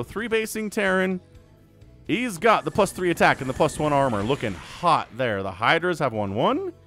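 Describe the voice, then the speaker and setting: A man's voice: fairly high pitch, fairly bright tone. A man casting a strategy video game on his own, chatty and full of joking asides. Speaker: game shoutcaster. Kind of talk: casual solo game commentary.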